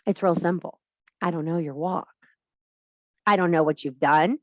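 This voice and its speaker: Woman, lower register, spiritual teacher type, blunt and preachy. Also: moderate pace, no room sound. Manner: blunt, emphatic, swears freely; preachy, addresses viewer directly. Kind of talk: spiritual monologue to camera.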